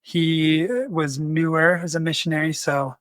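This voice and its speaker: Animated man telling a story. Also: fairly high pitch, unhurried, clear, resonant tone, no room sound. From United States. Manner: animated, acts out quoted voices. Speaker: podcast host. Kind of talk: storytelling in conversation.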